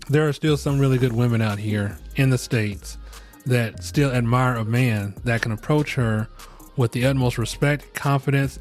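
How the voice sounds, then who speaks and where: A middle-aged man talks straight into the mic, handing out blunt, jokey advice in a loose podcast monologue. His voice sits at an ordinary middle pitch. Faint music plays quietly behind him. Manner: frank, rambling, jokey. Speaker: podcast host giving advice.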